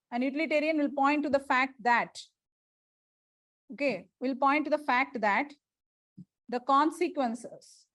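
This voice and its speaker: A woman's voice: high voice, fairly bright tone, no room sound. A woman teacher, dictating lecture notes to a class, repeating phrases and spelling out words letter by letter.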